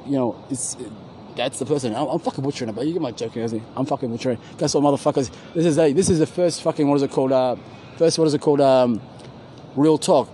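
Man, fast rambling slangy chat, mellow dark voice, outdoor traffic hum. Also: medium pitch, low-quality recording. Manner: rambling, profane, loses his words, slangy. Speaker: podcast co-host. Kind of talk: casual profane street chat. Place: outdoors at a university campus.

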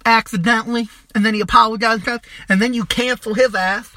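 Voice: mid-range voice, steady tone, a little fast, pushed and bright, dry recording. A young adult podcast host delivering a crude, mocking comedic rant, swearing constantly and trailing off into restarts.

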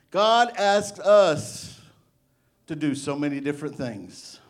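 A middle-aged male pastor giving a sermon, animated and playful, acting out little voices as he preaches. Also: sits high, a little slow.

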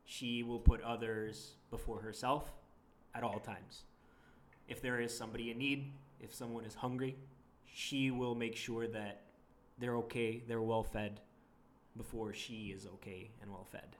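A man's voice: medium pitch, level tone, a little slow, slight background noise. Earnest young man, reflective chat. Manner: earnest, reflective, laughs often. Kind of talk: casual couples chat.

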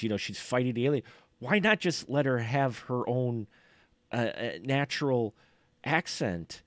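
A man's voice: medium pitch, dry recording. A man co-hosting a podcast in casual film review chat, rambling and often restarting and repeating his words. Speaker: podcast co-host.

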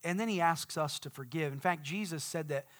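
A man preaching a sermon as pastor, swinging from quiet explanation to shouted declarations. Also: a little high, brisk. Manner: dynamic preaching, swelling to shouts.

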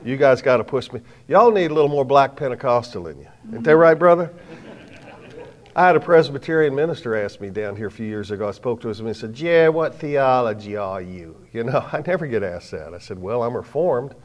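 Middle-aged male preacher, mid-pitched voice, lively storyteller before a crowd, jokes at his own expense, drops to soft asides then punches lines out loud. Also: quick pace, dull audio. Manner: lively storytelling, swings from soft asides to loud bursts, self-mocking humor. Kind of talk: sermon. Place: before a live audience.

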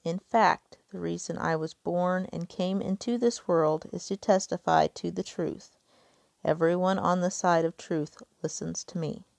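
A woman reading the words of a calm male religious teacher in her own voice. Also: fairly low pitch, a little slow, vocal fry, no echo. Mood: solemn. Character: calm male teacher speaking of his kingdom.

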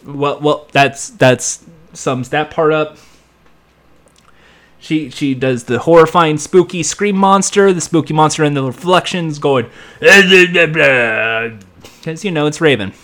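A man with a slightly high voice recaps a show in a loose, rambling way. He is sarcastic throughout and adds sound effects and quick impressions as he goes. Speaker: show reviewer. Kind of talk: casual recap and commentary.

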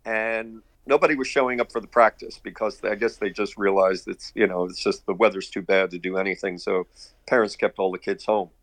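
This Brooklyn-born artist and director, an older man, rambles through lengthy anecdotes with chuckles as a guest on an interview show. His voice is on the low side and fairly bright, with fairly even intonation, a slightly fast pace, and no echo.

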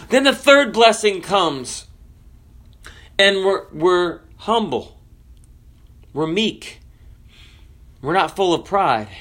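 A man preaching a sermon, swinging between loud cries and hushed drops and asking the listeners questions. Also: sits high.

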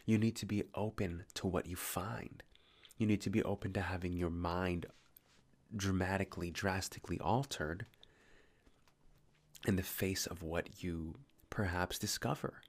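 A man's voice: deep voice, steady tone, unhurried. A tired man rambling through a late-night philosophical monologue, musing and correcting himself, his words slightly slurred.

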